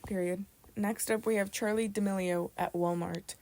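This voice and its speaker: A young woman co-hosting a podcast, introducing topics and talking in a relaxed way during casual chat. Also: medium pitch, moderate pace. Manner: relaxed, laughs often, summarizes topics. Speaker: podcast co-host.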